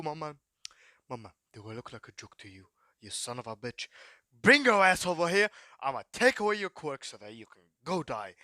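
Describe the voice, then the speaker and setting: A man putting on a scheming supervillain boss, raw-mouthed and mocking, cursing at a henchman in a fan-made story. The voice sits a little high, and the sound is close and dry with no room around it. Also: dry recording. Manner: profane, scolding and mocking. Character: scheming adult male supervillain, boss of a villain gang.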